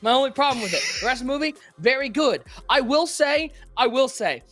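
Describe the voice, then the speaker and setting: A co-host chatting casually on a live stream, rambling and animated, swinging between excited outbursts and quiet asides. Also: sits high, brisk, faint music behind.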